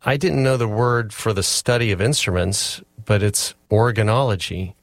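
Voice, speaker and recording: A man's voice: on the low side, normal speed, dry recording, studio quality. A man hosting an interview, asking prepared, articulate questions. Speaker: interviewer host.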